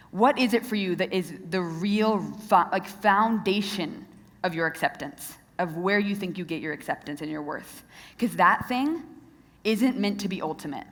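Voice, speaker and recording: A young woman speaks earnestly to a crowd of young people, turning to them with direct questions. Her voice sits at an ordinary middle pitch for a woman. The sound carries the long reverb of a large hall. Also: animated, normal speed. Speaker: Christian speaker. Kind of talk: youth talk to a live audience.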